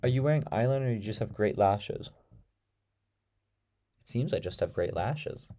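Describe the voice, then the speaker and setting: A man's voice: fairly low pitch, expressive, normal speed, mellow. A young man with an American accent, hosting a casual live stream and answering viewer comments with dry sarcasm. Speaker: live-stream debate host.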